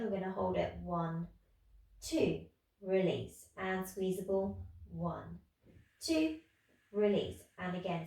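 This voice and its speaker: A tired woman in her thirties leading a pilates class, calmly talking through moves and counting reps. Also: fairly low pitch. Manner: calm instructing, counting reps. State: tired, yawning. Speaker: pilates instructor. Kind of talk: guided exercise class. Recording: echoey room from far off.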